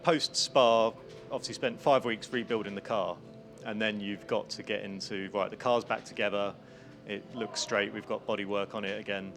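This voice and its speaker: A man's voice: lowish voice, normal speed, faint music behind. A man, a race team mechanic, chatting casually and informally about prepping the car. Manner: relaxed and chatty, informal slang. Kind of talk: casual chat to camera.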